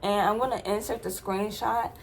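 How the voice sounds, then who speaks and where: A woman's voice: medium pitch, fairly even intonation, moderate pace, a little hiss or hum. A young adult woman vlogger telling a personal story in a casual, slangy, emphatic way, with many asides to her viewers.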